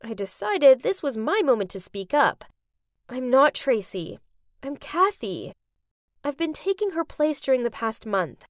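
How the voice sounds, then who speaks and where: A young woman narrating an animated story in the first person, dramatic and expressive. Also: high-pitched, measured pace, dry recording, studio quality.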